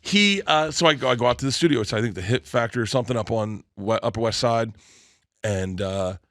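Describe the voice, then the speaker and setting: A middle-aged man telling a comic story as a guest, excitable and animated, often laughing mid-story. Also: medium pitch, a little fast, no room sound, studio quality. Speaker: comedian guest.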